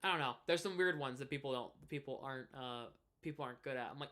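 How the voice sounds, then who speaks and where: A mid-range, fairly bright voice moves quickly with few pauses as the New England streamer, twenty years old, chats on his live stream. Also a hockey podcaster, he rambles with plenty of restarts and fillers.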